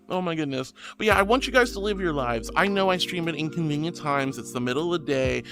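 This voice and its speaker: A male streamer with a high voice chats live with his viewers, gushing and giggly as he thanks them. His pitch swoops all over the place, and faint music plays underneath. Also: expressive, fast, vocal fry, few pauses, a bit bright. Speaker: VTuber streamer. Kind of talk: live stream chat, reading viewer messages.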